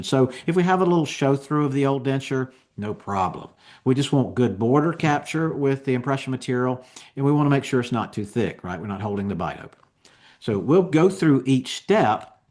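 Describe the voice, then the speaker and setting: A man giving a continuing education lecture on dental technique, explaining each step in a relaxed, conversational way. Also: medium pitch.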